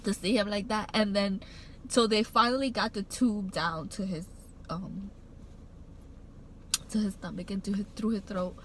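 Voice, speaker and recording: A woman's voice: mid-range voice, a little hiss or hum, poor audio. A woman vlogger telling a heartfelt personal story, rambling with many fillers and restarts, emotional and choked up at times. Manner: emotional, getting choked up while recounting.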